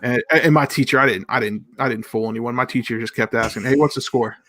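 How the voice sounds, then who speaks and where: A man as a guest on a casual sports chat, calmly recalling old fan memories. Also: medium pitch, fast talker.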